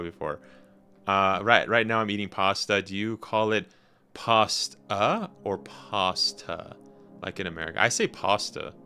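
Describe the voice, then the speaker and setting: A young Canadian man with a Canadian accent, rambling and excitable in casual live-stream chat with slang. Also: medium pitch. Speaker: gaming streamer.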